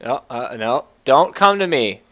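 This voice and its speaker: A man hosting a gameplay video, talking through his game in a joking, self-mocking way with sudden excited yelps. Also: mid-range voice, a little slow. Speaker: gaming video host. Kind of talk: gameplay commentary.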